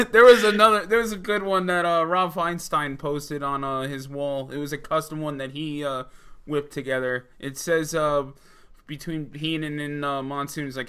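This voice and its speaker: A man's voice: a little high, steady tone, normal speed, bright, forceful tone, clear, resonant tone. A man co-hosting a casual wrestling talk podcast, often laughing, swearing and trailing off mid-sentence. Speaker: podcast co-host.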